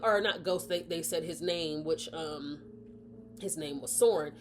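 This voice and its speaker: A woman's voice: on the low side, normal speed, soft background music. A woman chatting casually as she reviews a book, rambling and often correcting herself.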